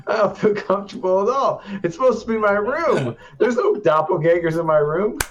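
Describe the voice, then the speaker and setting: A man's voice: high-pitched, moderate pace, highs cut off. A man playing a tabletop game, joking and laughing with the group in casual chat. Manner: playful, laughs often, animated. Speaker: player.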